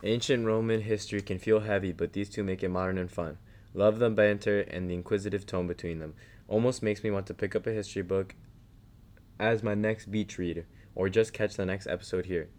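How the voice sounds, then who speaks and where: A man's voice: on the low side, fairly even intonation, a little fast, a little mellow. A man co-hosting a history podcast in casual chat, laid-back and giving brief replies. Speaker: podcast co-host.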